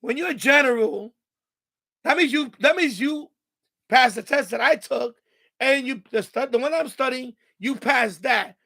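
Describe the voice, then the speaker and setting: High, gravelly man ranting angrily. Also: measured pace, sharp tone. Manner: angry, profane, repetitive ranting. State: mad. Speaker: ham radio livestream host. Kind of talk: unscripted livestream rant.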